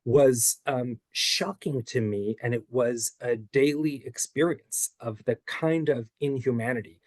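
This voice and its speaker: A man in his forties, an author and former public defender, giving earnest, measured interview answers. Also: medium pitch, no echo.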